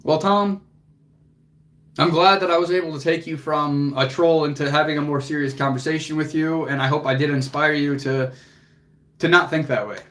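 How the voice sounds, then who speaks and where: A man's voice: fairly high pitch, steady tone, normal speed, fairly bright tone. A young man hosting a livestream, speaking earnestly and emotionally to viewers, motivational and casual with swearing. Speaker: fitness coach and livestream host.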